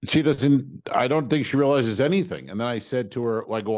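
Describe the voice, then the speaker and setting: A man's voice: mid-range voice, brisk, hardly any pauses, a little mellow. A man co-hosting a comedy podcast, telling a travel story casually and acting out both sides of the exchanges with exasperation. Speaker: podcast co-host.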